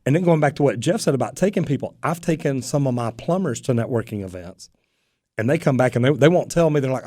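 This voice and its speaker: A man talks on a radio show about his plumbing business in an easygoing, storytelling way, slipping into quick quoted lines from the people he met. His voice sits in a middle range. The studio sound is dry and close. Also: medium pitch, animated, warm tone, no echo. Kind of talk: casual radio talk show chat. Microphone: studio microphone.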